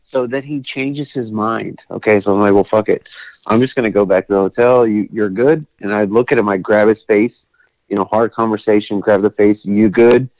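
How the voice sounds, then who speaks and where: A man's voice: on the low side, moderate pace, dry recording, low-quality recording. Guy late 30s telling a wild story, swears a lot, acts out the voices, dry close sound. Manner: animated, swears freely, acts out quotes. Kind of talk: casual storytelling chat.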